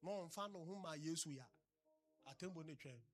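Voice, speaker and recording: A husky, fairly high-voiced male preacher gives an animated sermon at a fairly quick clip. He shifts between loud exclamations and low asides.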